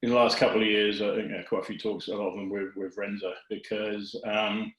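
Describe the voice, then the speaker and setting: Low-voiced man in an echoey room. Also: a little fast. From United Kingdom. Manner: relaxed and self-deprecating. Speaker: guest advocate. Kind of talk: casual video chat. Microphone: video call. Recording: echoey room on a video call.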